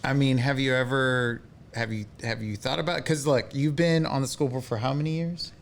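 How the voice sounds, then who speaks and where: Soft-spoken male podcast host. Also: medium pitch, fairly even intonation, normal speed, slight background noise. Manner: soft-spoken, brief affirming replies. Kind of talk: casual interview chat.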